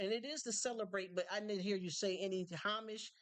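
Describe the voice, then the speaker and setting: A woman's voice: mid-range voice, steady tone, a little fast. A woman hosting a live stream in casual chat, rambling and repeating words when worked up.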